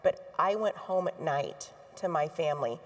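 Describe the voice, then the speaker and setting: A woman's voice: low-pitched, animated, normal speed, big-room sound. A middle-aged woman speaking on stage to an audience in an earnest, heartfelt way. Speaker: healthcare association board chair. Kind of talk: onstage talk to an audience.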